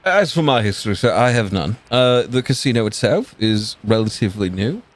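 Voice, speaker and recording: A man's voice: fairly low pitch, very animated. A man playing a reserved, formal male servant. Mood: courteous. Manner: polite, hesitant, halting formal speech.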